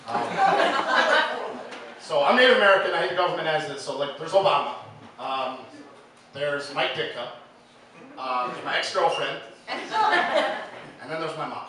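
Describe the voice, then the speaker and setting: A man from Illinois doing a stand-up comedy set, telling his stories casually with lots of fillers and quick acted quotes, on a stage mic. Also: fairly high pitch, pushed and bright. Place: live comedy venue. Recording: echoey room taped from far off with noise.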